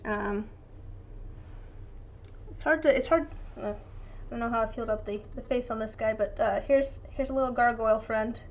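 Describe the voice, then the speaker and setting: A woman's voice: on the high side, normal speed, long pauses, lo-fi sound. A young woman chatting casually on a live stream while she works on a craft, rambling with lots of fillers and restarts. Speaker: resin dice maker streaming her craft.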